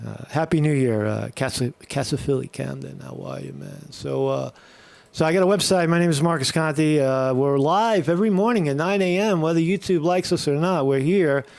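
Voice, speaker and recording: Man, live stream host, gravelly fry, slightly high pitch, rambling, irreverent. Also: normal speed, darkish tone. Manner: rambling, irreverent, heavy on fillers and restarts. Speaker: host of a live morning show. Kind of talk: casual live-stream chat.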